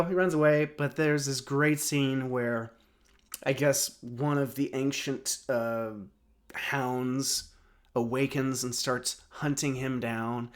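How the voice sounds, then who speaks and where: A man's voice: medium pitch, steady tone, takes it slowly. A man in his thirties giving a casual spoken recap of a TV episode, rambling with lots of fillers and restarts. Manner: rambling, many fillers and restarts, chuckles often. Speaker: film and TV reviewer.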